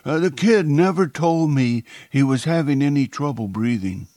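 A man's voice: on the high side, moderate pace, mellow, no room sound, clean studio sound, pitched above the performer's own voice, close to an everyday voice. A man doing a blunt raised-voice henchman. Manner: blunt, offhand. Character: rough male henchman, blunt and defensive.

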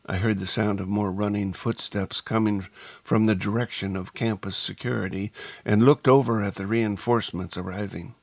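Low-voiced male audiobook narrator. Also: no echo. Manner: measured, deliberate storytelling. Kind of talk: scripted first-person narration.

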